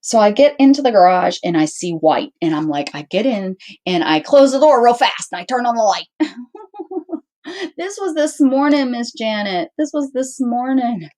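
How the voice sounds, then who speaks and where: Animated woman telling a story to viewers. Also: fairly high pitch, moderate pace. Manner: animated, acts out quoted dialogue; rambling with frequent restarts. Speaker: channel host.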